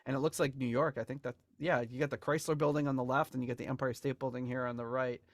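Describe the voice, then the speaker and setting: A man talks through music memorabilia in a loose, rambling way, often restarting and laughing. His voice sits at a middle pitch, recorded dry and close. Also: fairly even intonation, fast talker, no room sound. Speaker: podcast co-host. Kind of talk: casual chat about album memorabilia.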